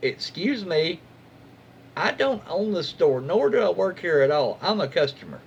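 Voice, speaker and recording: A man reads internet stories aloud in a slightly high, very lively voice. He keeps it casual, breaking off to react and comment on what he reads. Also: a little slow, vocal fry, dull audio, slight background noise. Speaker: reddit story reader. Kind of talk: casual story reading.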